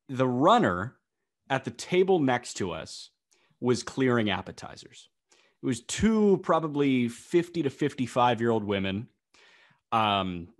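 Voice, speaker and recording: Man, podcast co-host, casual chat, animated storytelling, exasperated, mid pitch.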